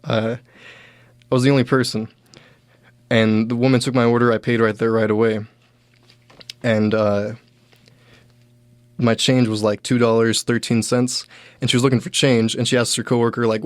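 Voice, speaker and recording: A man's voice: mid-range voice, flat delivery, normal speed, long pauses, no room sound. Rambling young man telling stories. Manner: rambling, filler-heavy, quoting others in raised voices. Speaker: comedian host. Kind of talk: casual storytelling monologue.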